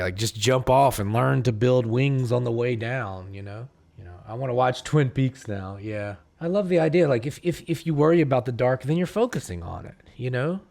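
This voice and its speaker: Male art streamer, casual and earnest, wears his feelings openly, mid-pitched everyday voice. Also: creaky, darkish tone. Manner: earnest, rambling, emotional, slang-heavy. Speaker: artist streaming a digital painting session. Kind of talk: casual livestream chat.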